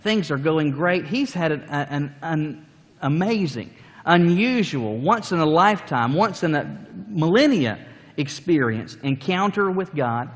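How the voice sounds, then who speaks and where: A man preaching a sermon, telling the story with lively acted-out scenes. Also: a little high, measured pace, long reverb tail. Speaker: pastor.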